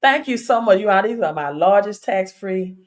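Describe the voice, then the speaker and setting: A woman hosting a crypto livestream sounds animated, with a mid-range voice at normal speed. She speaks directly to viewers in a casual, chatty, insistent manner, dotted with fillers and repeated questions, over a streaming setup.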